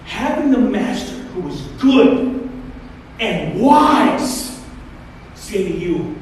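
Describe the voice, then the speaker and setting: A man's voice: sits high, slow pace, noisy background. A man preaching a sermon as pastor, in a casual, joking, storytelling way. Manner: conversational, joking, animated storytelling. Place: church hall. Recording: echoey hall, mic far off.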